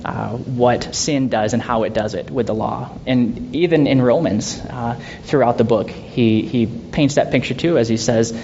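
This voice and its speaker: A man leading a Bible study in a conversational way, asking rhetorical questions and laughing softly now and then. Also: measured pace, few pauses. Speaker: Bible teacher. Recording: dull lo-fi sound with faint rumble.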